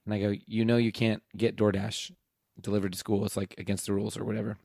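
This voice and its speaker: Male teacher, low-ish voice, casual rambling storyteller, dry sound. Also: flat delivery, fast, creaky, darkish tone, dry recording. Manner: rambling, laughing mid-story, acting out dialogue. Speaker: teacher and podcast host.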